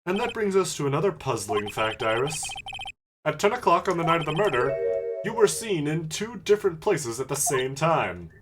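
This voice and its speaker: Woman voicing a cocky male game lawyer, very low and animated, music underneath. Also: moderate pace. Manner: low put-on "deduction voice", theatrical. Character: male defense lawyer, confident, showy. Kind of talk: fan voice-over of a game.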